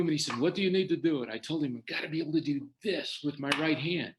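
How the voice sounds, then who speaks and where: A man's voice: fairly high pitch, fast talker, few pauses, slight background noise. An older man telling his own story in a talk, quoting others' words as he goes. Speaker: guest sharing his story.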